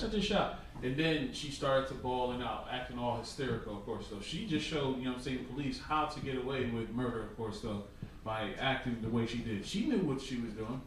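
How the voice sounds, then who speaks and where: Male co-host, calm analytical commentary, mid pitch, heavy room echo from a distance. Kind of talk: commentary on news clips. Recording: very echoey, distant, faint noise.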